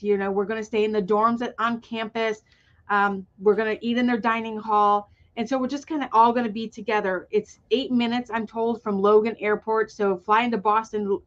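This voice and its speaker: A woman's voice: medium pitch, muffled recording. A woman guest on an online webinar, describing her events with enthusiasm and many fillers. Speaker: guest, retreat organizer. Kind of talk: webinar conversation.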